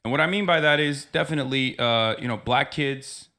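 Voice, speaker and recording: A man's voice: medium pitch, fairly quick, pushed and bright. A man talking on a casual podcast, rambling with restarts and fillers. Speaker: podcast co-host.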